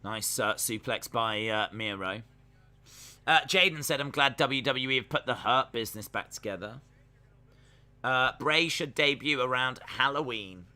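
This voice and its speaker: A young man hosts a live reaction stream, chatting loosely as he watches and reads out viewer comments. His voice is strikingly bright and sharp, and he jokes along with the action. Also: mid-range voice, a little slow. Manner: chatty, jokey, talks to chat while watching. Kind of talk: casual live reaction commentary, reading chat.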